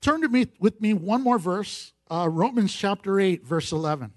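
A man's voice: high-pitched, animated, normal speed, no echo. A man preaching a sermon as pastor at a church service, building emphasis with repeated phrases and dropping in playful asides.

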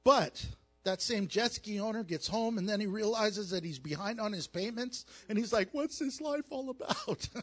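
A man preaching as a pastor, mixing scripture with jokes and animated storytelling. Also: high voice, moderate pace. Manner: animated, jokey storytelling with acted asides. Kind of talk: sermon with humor.

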